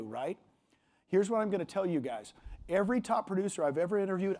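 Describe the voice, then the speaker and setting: A man, a motivational speaker at a real estate conference, giving an energetic stage talk with punchy, emphatic delivery. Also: high voice. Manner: punchy and emphatic, often quoting others in a raised voice. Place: large conference hall.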